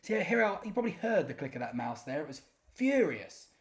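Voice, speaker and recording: A man's voice: a little high, sing-song, brisk. A man giving casual, self-deprecating commentary while playing a geography guessing game, often muttering in exasperation. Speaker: gaming YouTuber.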